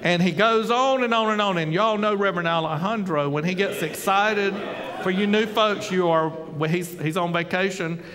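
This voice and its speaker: A male pastor telling a story during a sermon, chatty and conversational, with sudden loud exclamations. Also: high voice, moderate pace, hardly any pauses, a crowd in the background. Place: church sanctuary. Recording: long hall reverb.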